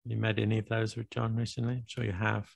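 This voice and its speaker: Low gravelly-voiced joking British man. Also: little pitch movement, quick pace, no room sound. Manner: joking, teasing, laughs often. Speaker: podcast co-host. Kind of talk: casual chat.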